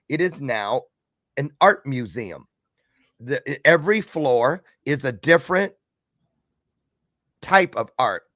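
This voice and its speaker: A man's voice: medium pitch, a bit bright, no room sound, studio quality. A man hosting a podcast interview, talking casually and thinking aloud as he reflects. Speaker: podcast host.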